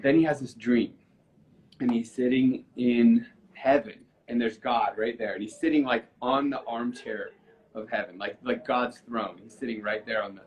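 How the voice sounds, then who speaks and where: A man's voice: mid-range voice, low-quality recording. A man chatting on a live stream, telling a story earnestly and emotionally, with many restarts. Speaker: musician guest on a live stream. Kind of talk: casual storytelling chat.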